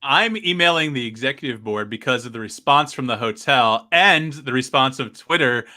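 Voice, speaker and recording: A podcast host with a mid-range, lively voice talks at a moderate pace, sounding pushed and bright. In a casual podcast chat, he tells a long complaint story, playing both people in a phone call.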